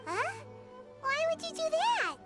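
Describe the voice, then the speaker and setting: A woman voicing a tiny, bubbly fairy companion with a squeaky, childlike voice who talks about herself in the third person, in game voice acting. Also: wildly swooping pitch, a little slow, full character voice. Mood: puzzled. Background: game music.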